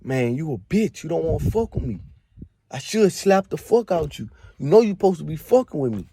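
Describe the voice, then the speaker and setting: A man voicing a belligerent drunk young man who repeats loud taunts, picking a fight. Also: mid-range voice, moderate pace, slight background noise, close to an everyday voice. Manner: loud, repetitive, slurring taunts.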